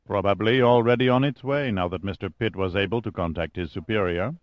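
A man voicing a suave, calculating male schemer who speaks in a smooth, purring way. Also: lowish voice, a little fast, dry recording, muffled recording, lightly acted. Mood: smug.

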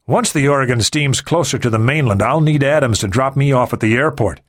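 A man's voice: medium pitch, fairly quick, pitched above the performer's own voice, natural voice. A man doing a composed, decisive captain. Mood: steady. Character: composed male ship captain, in charge.

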